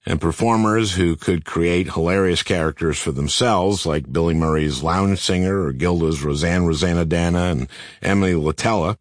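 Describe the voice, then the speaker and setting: Deep-voiced older man, deadpan memoir narration. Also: no room sound. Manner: dry, deadpan comic delivery. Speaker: author narrating his memoir.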